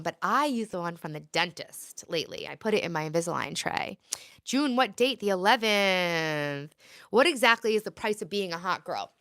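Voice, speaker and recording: A woman's voice: fairly low pitch, fairly bright tone, no echo, clean studio sound. Chatty woman live-streaming. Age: 30s. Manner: chatty, answers comments aloud, rambling. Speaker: livestream host. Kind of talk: casual live-stream chat.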